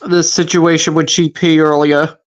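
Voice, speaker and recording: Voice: mid-range voice, flat delivery, normal speed. A recap host giving casual commentary, agreeable and chiming in with hesitant fillers.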